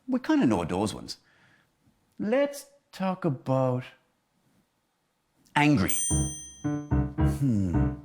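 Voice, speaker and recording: A man, a teacher giving a playful children's lesson about feelings and acting out each emotion. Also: lowish voice.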